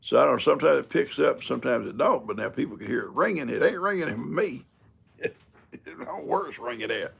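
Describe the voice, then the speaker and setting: An older man with a drawl hosts a laid-back live stream, rambling in a folksy, chuckling way. His voice is heavily gravelly and husky, sitting at an ordinary pitch for a man. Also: animated, a little fast, a bit bright. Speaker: livestream host. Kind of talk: casual live-stream chat.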